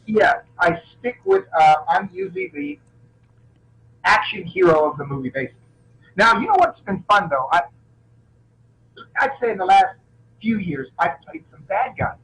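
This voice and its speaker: A middle-aged man, an action film actor as a guest, telling animated anecdotes in a casual interview and often restarting his sentences. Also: high-pitched, moderate pace, long pauses, poor audio.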